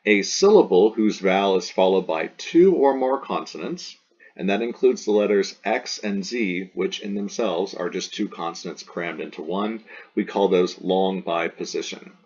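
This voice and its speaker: A man's voice: low-pitched, normal speed, darkish tone, husky. A man teaching a recorded language lesson, patiently repeating terms and examples and spelling out rules step by step. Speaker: Latin teacher. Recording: dull lo-fi recording.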